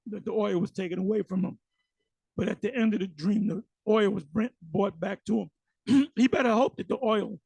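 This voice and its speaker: A man giving ranting religious commentary on clips, animated and mocking, with many fillers. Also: high voice, gravelly, breathy edge, no room sound, poor audio.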